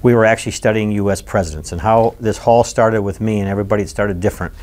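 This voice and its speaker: In an oral history interview, a man in his sixties from Michigan looks back on his childhood, telling stories in an animated, emphatic way. He has a fairly low voice and talks fast.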